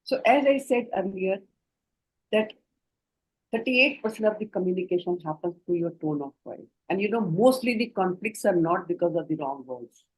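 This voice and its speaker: A woman's voice: on the low side, animated, moderate pace, darkish tone, slightly rough, poor audio. A woman with an Indian English accent giving an online training lecture to doctors, explaining points earnestly and speaking directly to her trainees over a video call.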